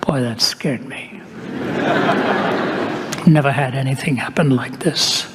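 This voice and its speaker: A man's voice: mid-range voice, takes it slowly, heavy background noise. An older man preaching a sermon, telling a personal story in a conversational way with light humor. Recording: echoey hall, faint ambience.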